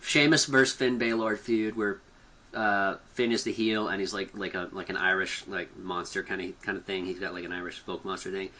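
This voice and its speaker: A man's voice: deep voice, flat delivery, brisk, pushed and bright. A man co-hosting a casual chat, easygoing and hesitant, often trailing off. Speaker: podcast co-host.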